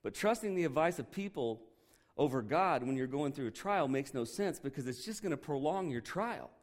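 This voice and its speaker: A man's voice: fairly high pitch, animated, moderate pace. Casual joking male preacher. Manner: conversational and joking, with lots of "okay" and "right". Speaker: pastor teaching a Bible lesson. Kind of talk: sermon.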